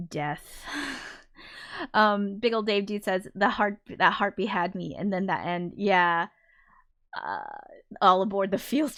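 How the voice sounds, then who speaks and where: Woman, livestream host, casual chat, rambling, thinking aloud, middle pitch. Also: fairly bright tone. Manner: demonstrates by briefly singing lines.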